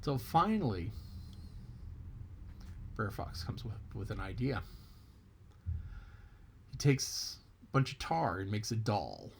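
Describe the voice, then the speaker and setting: A man's voice: lowish voice, big pitch swings, takes it slowly, creaky, long pauses, slight background noise. A man telling a folk tale in a casual, chatty way, stopping to explain things as he goes. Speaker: storyteller.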